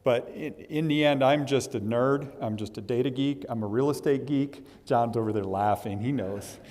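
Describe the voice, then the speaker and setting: A man giving a candidate speech as the incoming association president, halting and emotional, often repeating words. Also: mid-range voice, a little mellow. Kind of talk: candidate speech at a meet and greet. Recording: reverberant hall.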